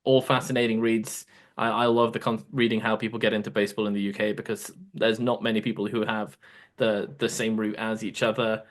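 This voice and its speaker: A man's voice: lowish voice, little pitch movement, fairly quick. A man hosting a casual podcast, easygoing as he steers segments and wraps up the show. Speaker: podcast host.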